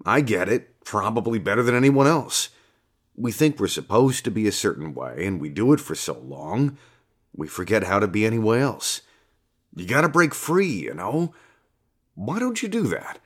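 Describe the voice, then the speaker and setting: Casting: man voicing a chill, cussing God, very deep voice, lively swinging delivery, audiobook. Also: normal speed, slightly rough. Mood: coaxing. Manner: relaxed, coaxing, swears freely. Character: laid-back, foul-mouthed male God, casual bro. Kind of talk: audiobook character reading.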